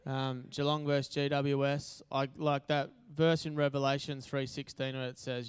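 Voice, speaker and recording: A man's voice: mid-range voice, little pitch movement, normal speed, hardly any pauses, smooth. An Australian man giving a casual, chatty sermon at church, joking and using lots of fillers. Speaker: preacher. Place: church hall.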